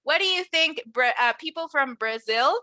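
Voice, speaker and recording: Bright, high-pitched woman as a bilingual English teacher, slow model words for repetition. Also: lively intonation. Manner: switches between English and Spanish explanations; slow, drawn-out model words for students to repeat. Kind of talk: online class teaching nationalities.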